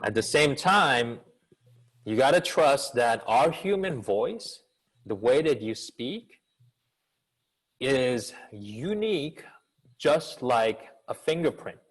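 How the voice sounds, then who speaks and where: A man answers questions during an online video-call seminar. He is a business school professor and communication coach with an actor's expressive delivery, an energetic coaching tone, and frequent rhetorical questions. His voice is mid-range and his pace slow with long pauses, and the audio is poor and slightly rough.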